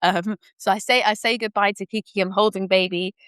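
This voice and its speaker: A woman's voice: medium pitch, steady tone, a little fast, fairly bright tone, clean tone, dry recording, clean studio sound. A young adult woman on a podcast, candidly and animatedly telling her personal birth story and acting out what people said. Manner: candid, casual, occasional swearing. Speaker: podcast guest.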